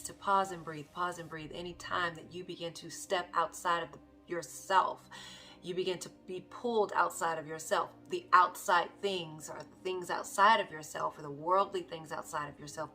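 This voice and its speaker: A woman coach giving a reflective self-care talk, slow and repetitive, sometimes dropping to a near whisper. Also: fairly low pitch. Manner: slow, repeats phrases softly, drops to near whispers. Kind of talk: reflective motivational monologue.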